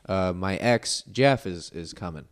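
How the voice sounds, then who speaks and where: A man's voice: deep voice, expressive, unhurried, clean tone. A young man, a podcast guest, telling a long casual story full of "like" and "you know.". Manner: rambling, filler-heavy storytelling with lots of "like".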